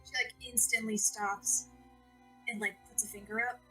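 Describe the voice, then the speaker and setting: A woman's voice: medium pitch, flat delivery, moderate pace, pushed and bright, soft background music, rough recording. A woman playing a tabletop game, animatedly describing what her character does. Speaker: player. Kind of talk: casual tabletop play.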